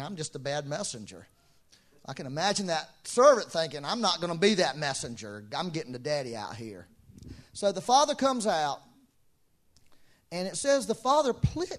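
A middle-aged man preaching a sermon, telling stories, acting out quoted voices and laughing often. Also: on the high side. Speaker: pastor.

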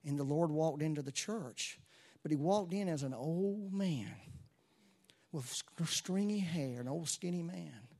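A man preaching a sermon to a church congregation, moving between soft asides and loud exclamations. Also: fairly high pitch, measured pace. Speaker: pastor.

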